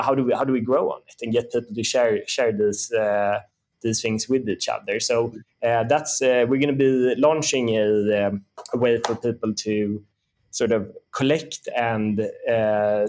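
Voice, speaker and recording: A man's voice: lowish voice, darkish tone. A man in his thirties, a startup co-founder, talking casually as an interview guest, with lots of fillers and restarts. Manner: rambling, many fillers and restarts.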